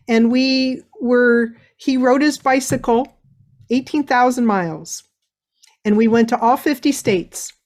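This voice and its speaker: A middle-aged woman giving a motivational webinar talk, telling a story in an animated way. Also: a little high. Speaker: speaker.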